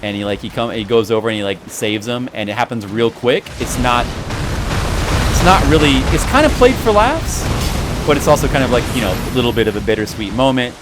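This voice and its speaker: A man streaming a video game, chatting casually and rambling about movies with animated, mocking asides. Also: mid-range voice, a little fast, loud music behind the voice. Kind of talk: casual chat while gaming. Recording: noisy background.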